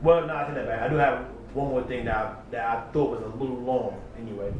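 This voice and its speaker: A battle rap reviewer gives a laid-back commentary recap from home beside his computer, repeating his praise. He speaks fairly quickly in a medium-pitched voice with fairly even intonation. The audio is dull, with a roomy echo, a distant mic, and a faint hum in the background.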